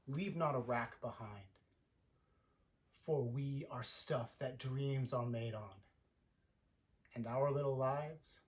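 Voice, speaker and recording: An actor playing an old, troubled sorcerer, measured in delivery and rising to loud peaks. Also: male voice, medium pitch, close to an everyday voice. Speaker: actor performing a monologue. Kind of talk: theatrical monologue.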